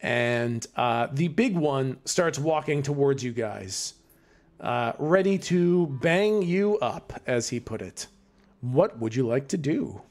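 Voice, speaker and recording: A man's voice: mid-range voice, expressive, takes it slowly. A man narrating as game master in a casual way, laughing and filling with restarts.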